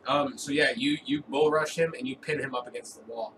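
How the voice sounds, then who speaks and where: A man narrating a tabletop game as game master, casual and halting. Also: mid-range voice, fairly even intonation, distant mic. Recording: noisy room recording.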